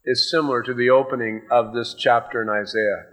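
A man preaching a sermon. He reads scripture slowly and with rising emphasis, rushes through quick asides, and drops to a hush on personal points. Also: medium pitch, low-quality recording. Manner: swings from slow, loud emphatic reading of scripture to quick asides.

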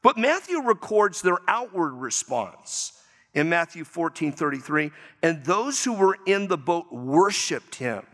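A man preaching a sermon as pastor, reading scripture slowly and then speeding up with lively emphasis. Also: fairly high pitch. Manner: varied pace, lively emphasis, slows for scripture. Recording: long reverb of a large hall.

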